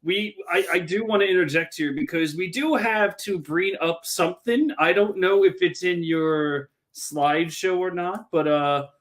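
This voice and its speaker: A man co-hosting a casual review podcast, halting with restarts and laughing often. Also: high voice. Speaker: podcast co-host.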